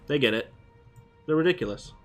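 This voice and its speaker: Male game streamer, mid-pitched, loose rambling chat over faint game music. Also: animated, brisk. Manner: rambling, thinking aloud. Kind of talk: casual live-stream chat.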